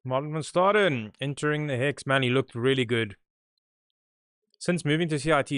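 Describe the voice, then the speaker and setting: Chatty podcast host. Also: male voice, mid-range voice, normal speed, a bit bright, clear, resonant tone, no room sound, clean studio sound. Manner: chatty, talks to his live chat. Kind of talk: live watch-along commentary.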